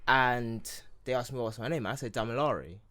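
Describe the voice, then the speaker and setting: A man's voice: mid-range voice, little pitch movement, moderate pace, pushed and bright, clean tone. A young man with an English accent, of Nigerian heritage, chatting casually as a podcast co-host and rambling with many fillers. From Nigeria (Yoruba heritage). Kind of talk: casual chat.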